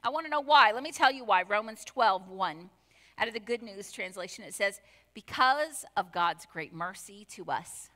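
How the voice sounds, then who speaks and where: A woman's voice: mid-range voice, lively intonation, moderate pace, pushed and bright, long reverb tail. A woman pastor preaching a conversational sermon, full of asides and rhetorical questions. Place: church sanctuary.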